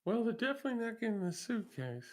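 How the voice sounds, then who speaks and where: A man's voice: high-pitched, very animated, fast, darkish tone. A man playing a tabletop game, talking in a drawling, playful way. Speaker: player. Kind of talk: casual tabletop play.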